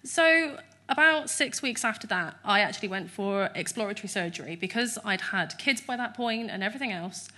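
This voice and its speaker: A woman, giving a chatty, animated testimony in an interview at church. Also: medium pitch, brisk, few pauses.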